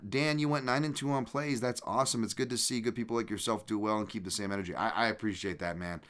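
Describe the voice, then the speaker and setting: A young adult man hosting a podcast, chatting casually and reading comments, relaxed and rambling with many fillers and restarts. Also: on the low side. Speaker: podcast host.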